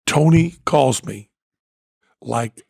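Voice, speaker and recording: A man hosting a podcast, telling a story in casual chat, excitable and breaking into loud laughter and shouts. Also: mid-range voice, extremely slow, vocal fry, breathy edge, dry recording, studio quality. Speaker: podcast host.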